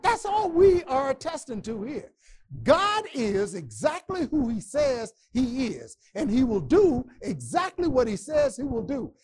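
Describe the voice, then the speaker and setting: Impassioned, husky male preacher. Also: very high voice. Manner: impassioned, stammering repetitions, rising to shouts. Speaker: Bible class teacher. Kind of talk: preaching Bible lesson.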